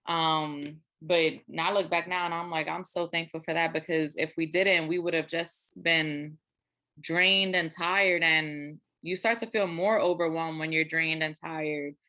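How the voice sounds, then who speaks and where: A young woman with a lower voice that still sounds bright, telling a story in a relaxed, conversational way. She chats casually as a podcast co-host. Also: a little slow. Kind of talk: casual chat.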